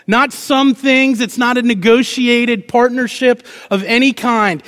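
A man delivers a sermon from the pulpit, his voice sitting high for a man. He preaches with lively energy, firing rhetorical questions at the congregation and playfully acting out short lines. The sound carries a long reverb from a large sanctuary. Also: unhurried, few pauses. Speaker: pastor.

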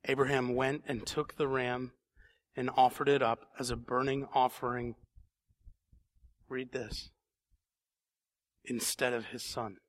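A man's voice: medium pitch, little pitch movement, measured pace, long pauses. A man preaching a sermon in a church, reading scripture and then building to emphatic questions. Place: church sanctuary.

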